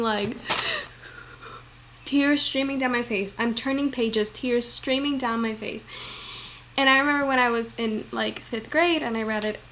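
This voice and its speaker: A young woman talks casually to her camera at home, her voice sitting a little high. She rambles warmly, with lots of fillers, and her thoughts spill out heartfelt and unpolished. A faint hiss runs under the recording. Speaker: vlogger. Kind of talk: casual chat. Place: home kitchen.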